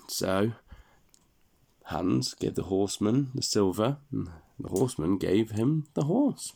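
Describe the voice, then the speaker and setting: A man reading a fairy tale aloud to a child in a relaxed, chatty way, stopping to explain and laugh. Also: lowish voice, takes it slowly, gravelly, husky.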